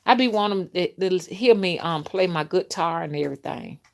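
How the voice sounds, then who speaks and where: A woman's voice: fairly low pitch, expressive, moderate pace, vocal fry. Woman, middle-aged, folksy, chatty, live-stream host, reads viewer comments. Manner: chatty and folksy, addresses viewers as y'all and honey. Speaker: spiritual rootworker hosting a live stream.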